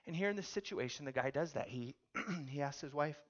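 A man preaching a sermon, telling a story with animated delivery and putting questions to his audience. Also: fairly high pitch, brisk, dull audio. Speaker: pastor.

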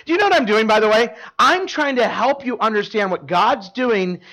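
Preaching a casual sermon at a live church service, a man often quizzes the congregation and falls back on fillers like "like." He sounds high-pitched, bright and forceful, with lively intonation and a moderate pace.

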